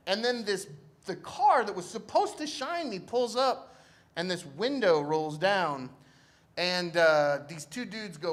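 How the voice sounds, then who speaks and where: High-voiced man telling a story live. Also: animated, normal speed, fairly bright tone. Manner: casual, slangy, laid-back. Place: church event stage.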